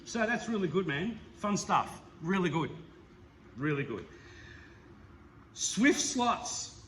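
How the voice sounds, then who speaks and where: Australian host, bright, slightly high voice, rambling and enthusiastic, casual chat. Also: male voice, big pitch swings, slow, a little hiss or hum. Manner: rambling, enthusiastic, laughs often. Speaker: slot car hobby channel host.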